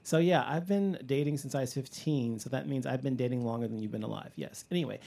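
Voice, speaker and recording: A man's voice: mid-range voice, fast talker, creaky. A middle-aged man hosting a casual podcast chat, telling stories animatedly, laughing often and acting out what people said. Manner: animated storyteller, laughs often, acts out quotes. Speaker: podcast host.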